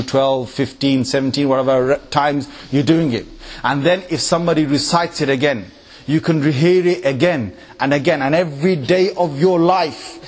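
Animated male preacher, slightly high voice. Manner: animated, jumps pitch to mimic tunes and voices; recites Quran in Arabic in varied melodies. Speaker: Islamic preacher. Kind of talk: lecture to a live audience. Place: mosque hall with audience.

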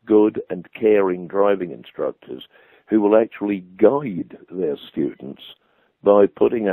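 A man telling a vivid anecdote as a guest, animated and expressive, heard over a dry, phone-like line. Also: on the low side, vocal fry, dry recording. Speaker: storytelling guest. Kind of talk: anecdotal storytelling.

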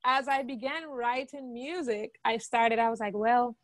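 In a podcast interview, a guest songwriter with a Guyanese accent shares her own experience candidly and reflectively. Her voice sits on the high side at a normal speed, and the recording is dry with no room sound.

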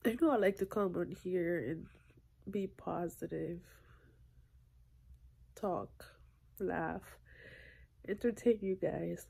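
A tearful woman vlogging on her phone at night, talking in a halting, soft voice that slips into whispers as she opens up. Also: on the low side, vocal fry, breathy edge. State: tearful, crying. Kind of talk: emotional confessional vlog. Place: indoors at night. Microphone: phone held close.

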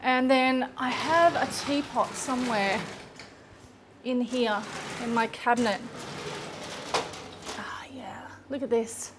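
A woman's voice: a little high, fairly even intonation, unhurried, noisy background. A chatty woman hosting a casual cooking demonstration in her home kitchen, laughing often. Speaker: cooking show host.

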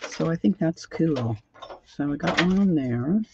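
A woman's voice: low voice, expressive, unhurried, gravelly, lo-fi sound, noisy background. A woman hosting a craft livestream who rambles and thinks aloud as she works, often trailing off mid-sentence. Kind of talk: casual crafting tutorial.

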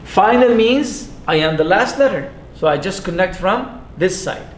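A man teaching a class, patiently repeating sounds slowly and putting questions to his students. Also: lively intonation. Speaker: Arabic teacher. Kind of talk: classroom lesson. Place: mosque classroom. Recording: echoey room with faint rumble.

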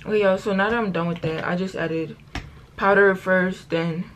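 A woman's voice: fairly low pitch, steady tone, moderate pace, a bit bright, slight background noise. Chatty teen girl vlogging. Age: late teens. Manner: chatty, rambling storytelling, keeps saying y'all; slangy and self-correcting. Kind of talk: casual get-ready-with-me vlog chat. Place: at home getting ready.

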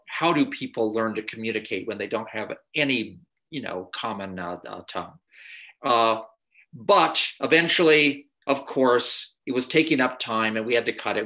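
A man's voice: mid-range voice, pushed and bright. A man giving a masterclass lecture as a screenwriter, telling anecdotes in a conversational way with frequent filler sounds and restarts.

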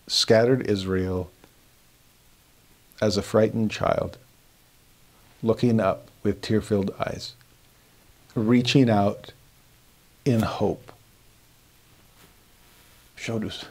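A middle-aged man teaching a devotional scripture lesson, telling stories earnestly, moving between hushed and animated delivery. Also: on the low side.

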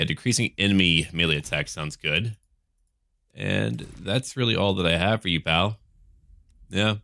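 Laid-back low-voiced American gamer. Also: male voice, creaky, fairly bright tone. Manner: laid-back, chatty, jokey, swears casually. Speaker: gaming let's-play host. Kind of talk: casual game commentary.

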